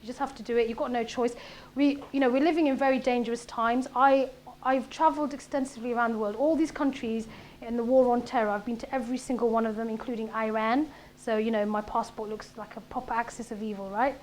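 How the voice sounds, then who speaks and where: High-pitched woman, 30s, comedic speaker, animated storytelling with faint background noise. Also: fast talker. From Britain. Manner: punchy, animated delivery with quoted voices. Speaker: comedian giving a talk. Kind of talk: conversational talk with comic stand-up bits. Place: event room.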